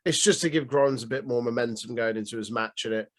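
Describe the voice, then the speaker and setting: A man's voice: medium pitch, fast talker. A man co-hosting a casual podcast chat, dropping wry, joking remarks. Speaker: podcast co-host.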